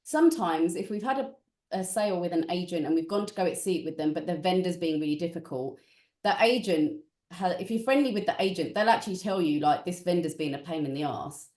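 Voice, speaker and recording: A woman's voice: on the low side, expressive, a little fast, darkish tone, reverberant, far from the mic. A woman property investor, a guest in a casual interview, talking in a chatty, frank, plain-spoken way. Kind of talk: casual interview on a video call.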